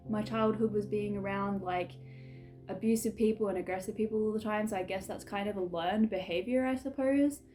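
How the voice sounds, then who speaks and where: A woman's voice: medium pitch, brisk, dark tone, soft background music. A young woman chatting casually to camera in a room at home, rambling and reflective with many fillers. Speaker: vlogger.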